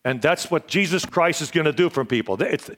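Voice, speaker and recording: A man preaching a sermon as a missionary, earnest and given to restarts, dropping to a hush and rising loud. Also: fairly high pitch, animated, a little fast. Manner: earnest, swings from hushed to loud; restarts and repeats words.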